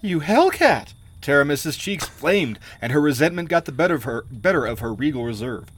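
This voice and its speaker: A man co-hosting a podcast, narrating a story aloud in a lively, expressive way. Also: medium pitch, brisk. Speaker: podcast co-host reading aloud. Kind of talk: story narration and casual chat.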